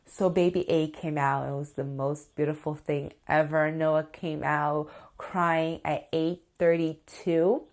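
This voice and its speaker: Chatty excitable woman vlogger, lowish voice. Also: takes it slowly, few pauses. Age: 30s. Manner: excitable and chatty, full of "like" and "you guys". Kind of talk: casual storytelling to camera.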